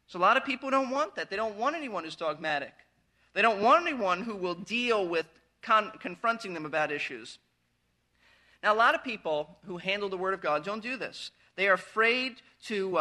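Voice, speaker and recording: A man's voice: high-pitched, bright, forceful tone. A man preaching a verse-by-verse sermon as pastor, earnest and emphatic, pressing his points harder as he goes.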